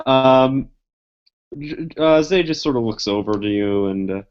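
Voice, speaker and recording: A man's voice: medium pitch, expressive, smooth. Hesitant man narrating his tabletop character. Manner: hesitant, halting. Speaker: player. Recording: muffled lo-fi recording.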